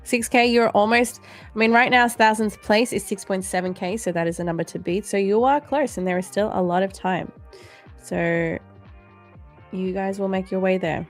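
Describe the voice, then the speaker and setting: Playful woman hosting a livestream. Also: medium pitch. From Australia. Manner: playful and jokey, laughs often. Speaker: livestream host. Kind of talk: casual livestream chat, reading out chat comments.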